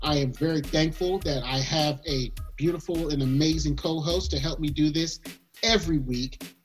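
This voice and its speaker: A young adult man hosting a podcast in casual chat, animated and joking, often repeating himself. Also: on the high side, moderate pace, faint music behind. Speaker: podcast host.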